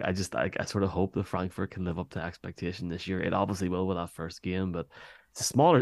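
A man's voice: sits low, gravelly, no room sound, studio quality. An Irish man, a podcast guest, chatting enthusiastically in a rambling way with many restarts. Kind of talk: casual chat.

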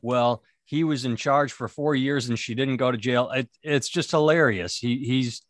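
A man's voice: medium pitch, normal speed, dry recording, studio quality. A man who is a stand-up comedian co-hosting a podcast, rambling and sardonic in casual comedic chat. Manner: rambling, sardonic, self-mocking.

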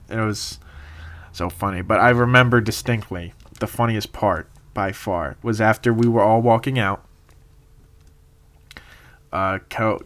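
A young man telling a rambling, casual story, laughing often and filling pauses with "uh" and "um". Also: fairly low pitch, fairly bright tone.

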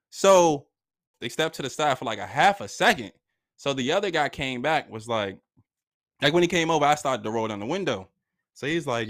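A man's voice: fairly high pitch, sing-song, moderate pace, fairly bright tone. A man telling a story from his own life in casual, slangy talk, acting out the voices of the people in it.

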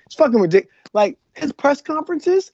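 Podcast co-host, male, high and animated, swears freely in a heated rant; dry, muffled recording. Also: moderate pace, no room sound. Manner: heated, profane ranting. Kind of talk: casual chat.

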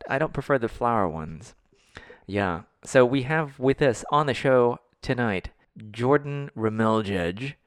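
Playful and teasing, this podcast co-host laughs often during casual chat. His medium-pitched voice is animated, unhurried, clear and resonant, recorded in clean studio sound with no room sound.

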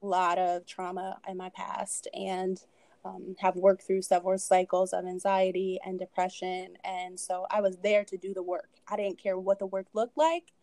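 Woman in her 30s, podcast guest, mellow warm voice, chatty, laughs a lot between thoughts. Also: lowish voice, little pitch movement, normal speed, vocal fry, no room sound. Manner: conversational, frequent fillers and laughing asides. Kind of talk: candid personal storytelling.

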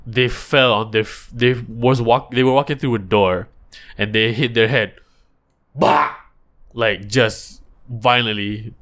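A man's voice: medium pitch, sharp tone. Rambling man musing aloud. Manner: rambling, thinking aloud with restarts and mock voices. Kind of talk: casual monologue.

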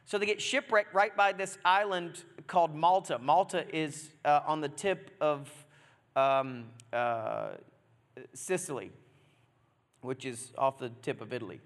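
A man preaching a sermon in a chatty, joking way, acting out the story with sudden loud exclamations. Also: on the high side, unhurried. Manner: animated, jokey, acts out scenes with loud exclamations. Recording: long reverb of a large hall.

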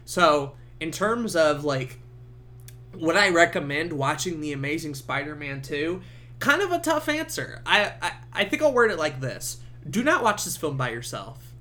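A man's voice: a little high, moderate pace. A young man hosting a podcast, giving a casual movie review full of swearing and laughter. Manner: swearing, laughing, animated storytelling. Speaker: podcast host.

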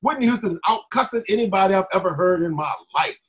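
Brief: high-pitched man, lively storyteller in casual talk. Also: fast, crowd noise. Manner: animated storyteller acting out quotes. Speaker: former music TV staffer telling stories.

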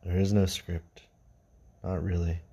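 A man hosting an unscripted podcast, reading stories and musing casually, his voice sinking low and quiet at the ends of phrases. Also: flat delivery, a little slow, creaky, breathy edge, lo-fi sound. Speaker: podcast host.

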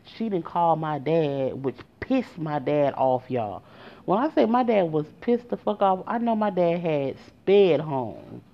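A young woman with a notably deep voice recounts a personal story in casual vlog style. She talks straight to her viewers, stressing her points and cursing freely. The audio sounds muffled and lo-fi. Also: big pitch swings, a little slow. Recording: dull lo-fi audio.

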